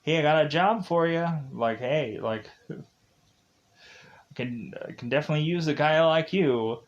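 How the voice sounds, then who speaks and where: A man's voice: on the high side, normal speed, lo-fi sound, pitched above the performer's own voice, lightly acted. A man paraphrasing a pushy, scheming male police chief in his own casual voice.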